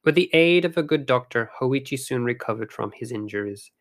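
A man narrating a ghost story aloud in a measured, dramatic storytelling manner. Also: medium pitch, expressive.

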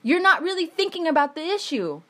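Angry high-voiced young woman ranting. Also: sing-song, fairly quick, fairly bright tone. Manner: angry, swearing, emphatic ranting. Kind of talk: heated monologue.

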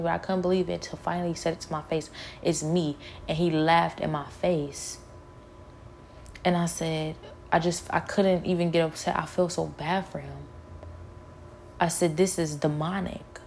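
Low gravelly woman giving earnest testimony. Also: a little mellow, a little hiss or hum. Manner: earnest, emotional, repeats herself. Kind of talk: personal spiritual testimony.

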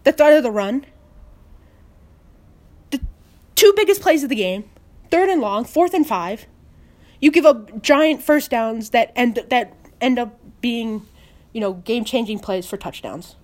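A woman's voice: fairly high pitch, expressive, unhurried, long pauses, a little mellow. A woman giving an angry, swearing post-game rant as a sports fan, repeating words in exasperation. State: upset.

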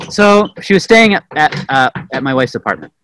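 Animated man telling a sermon story. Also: mid-range voice, normal speed, slight background noise, poor audio. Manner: animated, self-mocking, many fillers. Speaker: Bible teacher.

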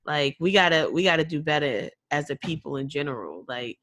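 A woman's voice: sits low, expressive, fairly quick, a bit bright, no room sound. A woman co-hosts a casual podcast, giving earnest advice in a frank way, with casual swearing. Her voice sits mid-range and sounds dry and close, with no room around it. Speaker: podcast co-host.

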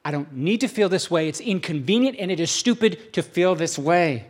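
A woman's voice: lowish voice, expressive, normal speed, darkish tone. A man voicing his upset wife, who sulkily dismisses her own feelings in an anecdote told during a sermon. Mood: frustrated. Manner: sulky, dismissive.

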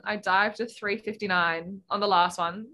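Young female athlete, casual, animated storyteller, laughs easily. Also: medium pitch, moderate pace. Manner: animated storyteller, acts out quotes, laughs often. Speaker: guest swimmer. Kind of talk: casual interview chat.

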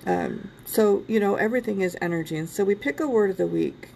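A woman's voice: medium pitch, expressive, brisk, gravelly, darkish tone, slight background noise. A woman from Ohio hosting a podcast, chatting casually and rambling a little, laughing often. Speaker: podcast host.

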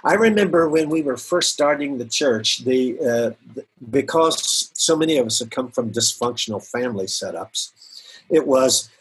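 A middle-aged man speaking as a guest pastor in an earnest, reflective faith conversation, often laughing softly and repeating words. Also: medium pitch, animated, moderate pace, slightly rough.

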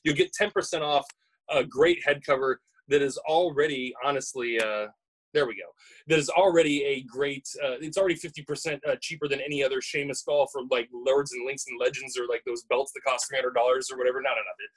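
In a rough recording, this man co-hosts a podcast, speaking a little fast in a husky, medium-pitched voice with fairly even intonation. His casual chat is playful and teasing, full of stammered restarts.

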